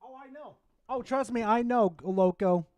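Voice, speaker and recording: A man hosting a live stream in casual chat, excitable and swearing freely as he talks to his viewers. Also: very high voice, measured pace, no room sound, dull audio. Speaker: streamer host.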